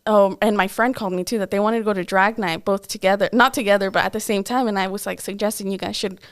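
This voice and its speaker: A young woman chats candidly on a podcast and tells a personal story, acting out what people said along the way. Her voice is smooth and clear, and it sits at a middle pitch. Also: fairly even intonation, fast talker. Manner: candid, lots of "like" and quoted asides. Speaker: podcast co-host. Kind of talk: casual storytelling chat.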